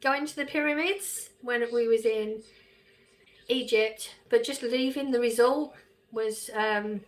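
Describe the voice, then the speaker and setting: A woman's voice: on the high side, slow pace. A woman chatting casually on a livestream, reading viewers' comments aloud and answering them with frequent laughs.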